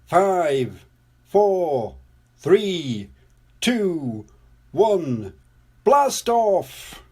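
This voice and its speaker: An older man reading a storybook, voicing a confident old male rabbit in a loud, insistent way. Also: high voice, lively intonation, unhurried, breathy edge, pitched above the performer's own voice, full character voice. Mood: announcing.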